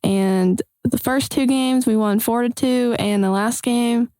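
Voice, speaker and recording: Teen girl, giggly casual chat, slow talker, dry close sound. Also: fairly high pitch, dark tone, clean tone, no echo. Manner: giggly, laid-back. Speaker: guest.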